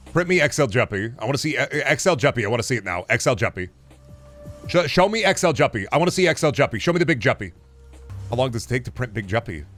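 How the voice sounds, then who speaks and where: A man streaming a game, talking quickly and rambling through silly bits. His pitch leaps up and down as he jokes and swears freely, with faint music under his voice. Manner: rambling, goofy, swings to loud high bits. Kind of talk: casual gameplay commentary.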